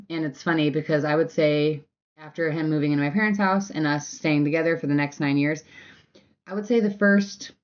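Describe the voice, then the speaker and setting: A woman's voice: low-pitched, highs cut off. Candid young woman telling her story. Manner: candid and conversational, full of fillers, acts out past arguments with loud bursts. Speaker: podcast host. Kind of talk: personal storytelling monologue.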